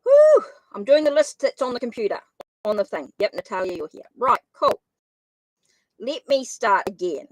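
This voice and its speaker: A medium-pitched, animated woman talks at normal speed while hosting a live tarot stream, apologizing and thinking aloud as she types viewers' names in casual chat. She describes her accent as funny. No echo is present, though the recording is low quality.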